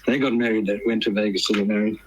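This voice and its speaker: A man as a guest on a podcast, telling stories in a relaxed, chatty way. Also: on the low side, very fast, noisy background. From South Africa. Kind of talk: casual interview chat.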